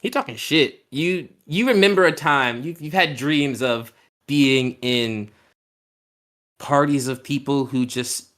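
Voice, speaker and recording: A man's voice: medium pitch, takes it slowly, fairly bright tone. A man narrating as game master of a tabletop game, in a casual, rambling way with lots of fillers.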